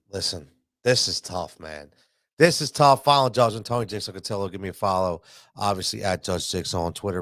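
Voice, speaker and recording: A man's voice: medium pitch, fairly bright tone, no room sound, studio quality. A man hosting a sports show, ranting after a loss, stammering and repeating himself, stuffy from allergies. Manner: heated, repetitive, stammering restarts. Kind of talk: frustrated postgame rant.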